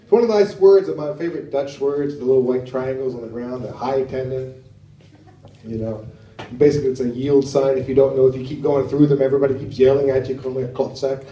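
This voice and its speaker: An American man performing a stand-up comedy set on a club stage, talking in a halting way with many fillers and asides to the crowd. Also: medium pitch, mellow. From United States. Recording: roomy venue sound from a distance.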